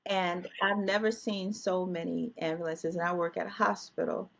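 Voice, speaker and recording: A woman's voice: lowish voice, fairly even intonation, moderate pace, gravelly, a bit bright, lo-fi sound. A woman guest telling an emotional personal story, vividly reliving scenes with quoted dialogue.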